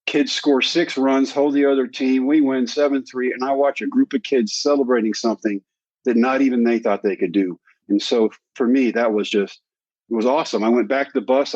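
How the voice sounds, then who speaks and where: A man's voice: medium pitch, dry recording. A man around sixty, a guest in a sit-down conversation, telling a personal story with animation and acting out the dialogue. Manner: animated storyteller who acts out quoted dialogue. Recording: dry, slightly dull recording.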